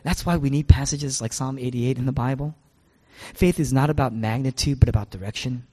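A man's voice: medium pitch, a little fast, dark tone, in a large hall. A male pastor preaching a sermon, asking rhetorical questions and repeating his key phrases.

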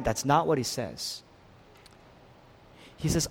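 Male pastor, sermon, high-ish voice, very lively pitch, long reverb of a church hall. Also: takes it slowly, creaky, pauses often, husky. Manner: impassioned, swinging between soft and loud.

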